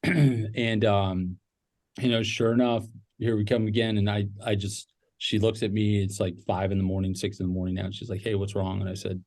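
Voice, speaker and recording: A man's voice: on the low side, little pitch movement, normal speed, darkish tone. A middle-aged man telling a personal business story casually, rambling with fillers and restarts. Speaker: podcast guest, business owner.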